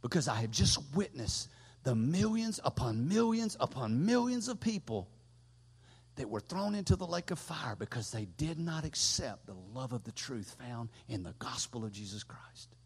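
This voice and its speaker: A middle-aged man preaching a sermon as pastor, swelling loud and high, then dropping low. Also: very animated, normal speed, breathy edge. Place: church sanctuary. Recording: long echo from a big hall.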